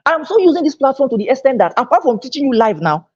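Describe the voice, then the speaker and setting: A man's voice: extremely high pitch, sing-song, quick pace, lo-fi sound, a little hiss or hum. A man giving a live online lecture, emphatic and repeating his key phrases. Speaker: online teacher. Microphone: own microphone, recorded on camera.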